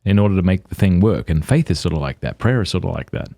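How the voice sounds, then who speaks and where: Deep-voiced musing podcast host, a man. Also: expressive, quick pace, creaky, mellow, no room sound. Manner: reflective, musing. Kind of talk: casual podcast conversation.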